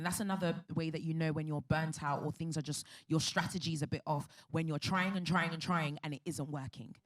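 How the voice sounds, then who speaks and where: Earnest lower-voiced woman on a panel. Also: steady tone, a little fast, hardly any pauses. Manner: earnest, emphatic, faith-filled. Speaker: panel speaker. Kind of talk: candid personal storytelling.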